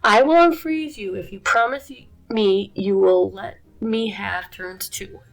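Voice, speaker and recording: A woman's voice: mid-range voice, unhurried, gravelly, poor audio. A woman doing a whiny little girl puppy.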